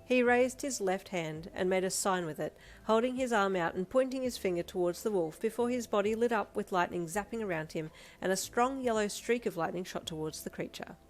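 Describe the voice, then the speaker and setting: A woman narrating second-person fanfiction in a steady, gentle storytelling manner. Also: medium pitch, fairly quick. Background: soft backing music.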